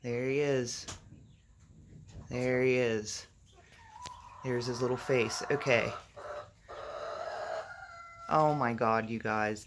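Excitable, flustered homestead vlogger outdoors. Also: mid-range voice, a little hiss or hum. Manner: excitable, chatty, addresses viewers as "you guys", laughs often. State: flustered and jittery. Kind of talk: casual vlog narration to camera. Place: outdoors in a backyard with a quail coop.

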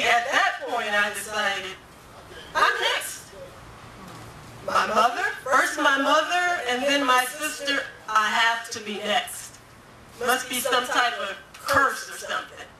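Woman giving a testimony, echoey and distant. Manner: storytelling, acting out quoted voices with pitch jumps. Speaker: guest speaker giving a testimony. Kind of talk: personal testimony speech. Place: domestic violence awareness walk event. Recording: echoey, distant, crowd noise behind.

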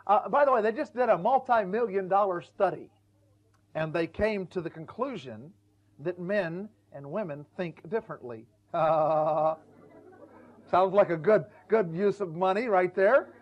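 A man's voice: high voice, unhurried. A middle-aged male preacher giving a folksy, humorous church sermon, stumbling over repeated words and acting out quoted voices. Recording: dull lo-fi church recording.

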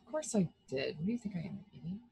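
A woman's voice: lowish voice, big pitch swings, rapid-fire, creaky, warm tone, slight background noise, full character voice. A woman speaking as an impatient woman starship captain, curt and irritated, in a tabletop role-playing game.

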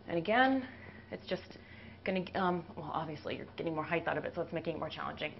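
A woman's voice: lowish voice, lively intonation, fast. Breathless woman teaching push-ups. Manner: talks while doing push-ups. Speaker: fitness instructor. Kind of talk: casual workout demonstration. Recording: dull lo-fi video audio with faint hiss.

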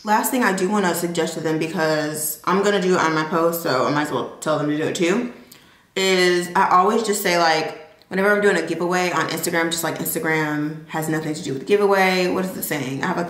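A woman's voice: fairly low pitch, fairly quick, a bit bright, rough recording. Chatty young woman vlogging. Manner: chatty, laughs often, talks straight to viewers. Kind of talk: casual vlog chat to camera. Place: at home, then a restaurant.

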